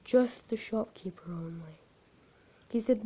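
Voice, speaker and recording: A woman telling an amateur creepypasta story in a halting, repetitive, unpolished way. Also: medium pitch, lively intonation, darkish tone.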